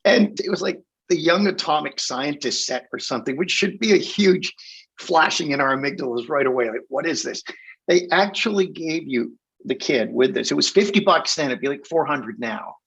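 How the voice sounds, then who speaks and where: A man's voice: a little high, moderate pace, creaky, a bit bright, husky. An older man from England, a guest hypnotist, telling wry, funny stories in a casual interview and laughing often. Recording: dull lo-fi sound.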